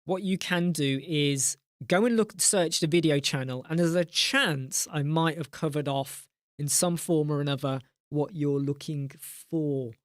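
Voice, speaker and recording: A man's voice: fairly high pitch, a little slow, no echo, studio quality. A man hosting a casual live chat, rambling and joking, reading out viewer names in a mock-exasperated way. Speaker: live stream host.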